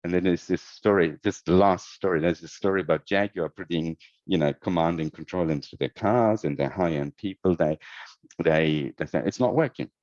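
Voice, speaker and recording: A man with a very deep voice answers interview questions, circling back and repeating words as he thinks aloud. The audio is dull and lo-fi, with a dry, close sound and no room around it. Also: moderate pace, darkish tone, dry recording. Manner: thoughtful, many restarts and repeated words. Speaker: guest, head of user experience. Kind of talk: conversational podcast interview.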